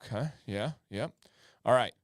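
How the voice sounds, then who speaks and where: A man's voice: mid-range voice, a little slow, no echo, clean studio sound. A man co-hosting a livestream, chatting casually and reading out viewer comments. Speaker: livestream co-host. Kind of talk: casual chat.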